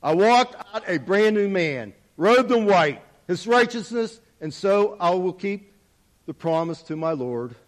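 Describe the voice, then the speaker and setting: A man's voice: sits high, big pitch swings, measured pace. A man telling a first-person spoken parable in an earnest, dramatic way, his volume rising and falling widely. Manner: earnest, dramatic storytelling with wide swings in volume. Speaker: storyteller.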